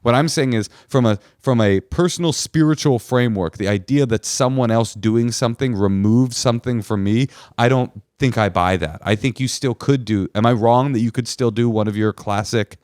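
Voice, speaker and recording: A man hosts an advice podcast in a casual, fired-up way. He talks bluntly and swears freely. His voice sits at an ordinary pitch, close and dry on the mic with no room sound. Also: normal speed, hardly any pauses, a little mellow, no echo. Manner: blunt, profane and impassioned. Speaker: podcast host giving advice.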